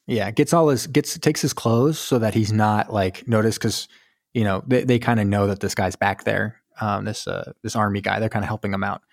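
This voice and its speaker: A man's voice: on the low side, normal speed, creaky, dry recording, clean studio sound. A man co-hosting a casual movie podcast, retelling the plot with acted-out lines. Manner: animated retelling with acted-out quotes. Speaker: podcast co-host. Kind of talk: casual movie review chat.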